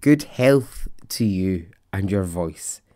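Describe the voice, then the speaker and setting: A Scottish man hosts his storytelling podcast in a casual, enthusiastic chat that wanders into asides. His voice sits fairly low and he takes his time. The sound is dry and close, with no room ring. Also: animated, slow, warm tone, no echo. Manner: chatty and enthusiastic, rambling asides. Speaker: podcast host.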